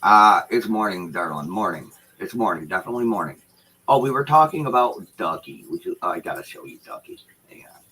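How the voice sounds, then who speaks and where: A man's voice: deep voice, expressive, a little fast, sharp tone, slight background noise, rough recording. A man rambling in casual, profane chat to his livestream viewers from a room at home. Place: home room with shelves behind him. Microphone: computer setup with dual screens.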